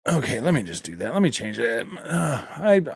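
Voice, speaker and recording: A man's voice: mid-range voice, sing-song, normal speed, creaky, husky, no echo, clean studio sound. A man hosting a casual gaming livestream, rambling, repeating himself and laughing between thoughts. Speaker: gaming channel host.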